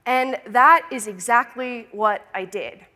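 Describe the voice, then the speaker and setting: A young woman from Florida giving a personal story talk at a conference, lively and often laughing. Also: a little high, slow, long reverb tail. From Florida, United States. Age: young adult. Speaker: conference speaker. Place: conference hall stage.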